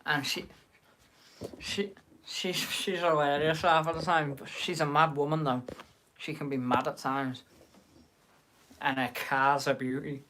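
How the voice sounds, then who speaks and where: A man's voice: fairly high pitch, flat delivery, measured pace, noisy background. Chatty Liverpool-accented man hosting a live stream. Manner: chatty, banters with viewers in the chat. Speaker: livestream host. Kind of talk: casual live-stream chat.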